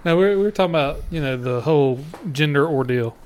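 A man's voice: on the high side, fairly quick, darkish tone, smooth. A man, co-hosting a casual podcast, blunt and swearing freely with frequent laughs. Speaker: podcast co-host. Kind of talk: casual chat.

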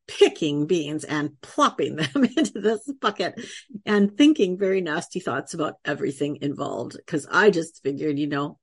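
A middle-aged woman, a podcast guest, telling a lively faith-based story from her own life and laughing often as she acts out the voices of the people in it. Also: low-pitched, gravelly, slightly rough, no room sound, clean studio sound. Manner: faith-based, earnest testimony. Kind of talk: conversational storytelling.

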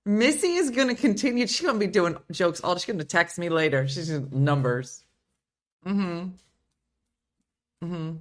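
A woman's voice: fairly low pitch, lively intonation, normal speed, long pauses. A woman hosting a casual livestream chat from home, playfully riffing on viewer comments. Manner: playful, reads viewer comments aloud and riffs on them. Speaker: show host.

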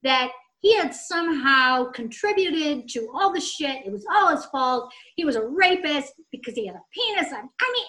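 A woman telling a story in casual chat, snarky and animated, swearing freely. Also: sits high.

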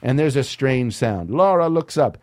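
Man, comedic script read-through, wry, lively animated pitch, dry close sound, podcast host. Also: normal speed, dry recording. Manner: wry, laughs at the material, sarcastic asides. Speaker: podcast host reading a screenplay aloud.

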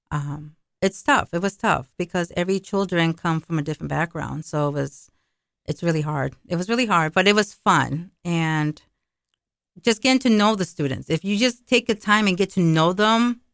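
A woman who serves on a school committee, a radio guest speaking in a relaxed way with pauses and laughter. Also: fairly low pitch, creaky, no room sound, studio quality. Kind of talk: casual radio interview.

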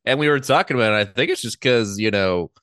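A man's voice: medium pitch, lively intonation, fast, a bit bright, smooth, dry recording. A man appearing as a comedian guest on a podcast, talking in an easygoing way with dry jokes and frequent chuckles. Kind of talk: casual chat.

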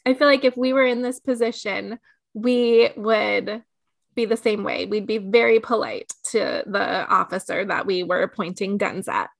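A woman's voice: mid-range voice, measured pace, vocal fry, no room sound. A woman co-hosting a podcast in casual chat, retelling scenes and laughing often. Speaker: podcast co-host.

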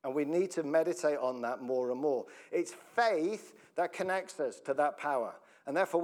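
With a slightly high but darkish-toned voice, a pastor gives a joking, conversational sermon. Laughter comes often, he breaks off mid-sentence, and he regularly puts questions to the congregation.

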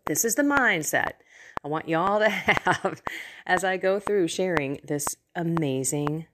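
Lady podcast host telling a bible story, slow and chatty, kinda low voice. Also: noisy background. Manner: conversational, with playful asides. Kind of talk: casual Bible teaching.

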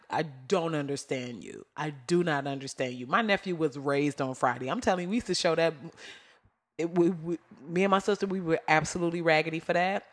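A woman hosting her own podcast, ranting in a casual, slangy way, laughing often and going off on tangents. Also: low-pitched. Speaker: podcast host. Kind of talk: casual solo podcast rant.

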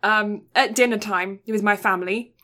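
A woman with a bright, crisp-edged voice chats casually as a podcast co-host. She talks freely and drifts into tangents. She teases her co-host. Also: medium pitch, steady tone, moderate pace. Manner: chatty, tangent-prone, teasing. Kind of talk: casual chat.

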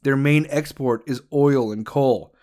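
A man's voice: mid-range voice, measured pace, darkish tone. A man hosting a profane political rant, crude, heated and sarcastic. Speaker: commentator host.

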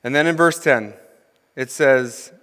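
A young adult associate minister preaches a sermon in an unhurried, medium-pitched, fairly bright voice, reading scripture and commenting with humor. He speaks conversationally and asks the congregation questions, with long hall reverb on the recording.

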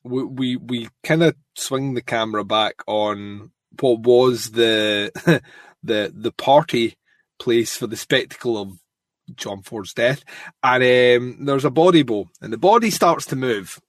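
A man co-hosting a podcast, recapping a show with excited swearing and laughs. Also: mid-range voice, takes it slowly, no room sound, clean studio sound. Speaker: podcast co-host. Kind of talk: casual recap chat.

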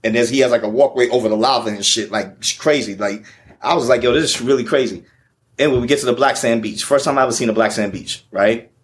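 Profane, animated New storyteller man. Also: medium pitch, fast talker. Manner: profane, animated storyteller, repeats "you know what I'm saying". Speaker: podcast guest. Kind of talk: casual storytelling.

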